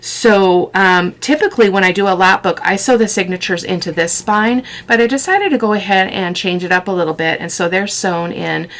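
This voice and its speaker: A woman's voice: mid-range voice, moderate pace, few pauses, a bit bright. A woman hosting a casual crafting video, chatting fondly about tiny details as she shows her work at a desk. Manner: chatty, fond of tiny details, thinks aloud.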